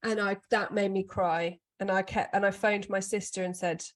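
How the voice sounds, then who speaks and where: A woman co-hosting a podcast, chatting casually and telling animated stories. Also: medium pitch, normal speed. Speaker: podcast co-host. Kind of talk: casual chat.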